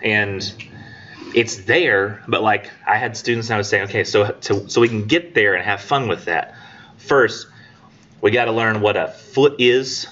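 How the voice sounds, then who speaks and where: A man's voice: on the low side, a little slow, pushed and bright. A man, an English instructor giving a casual, rambling classroom lecture, joking and acting out his students. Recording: dull lo-fi classroom recording.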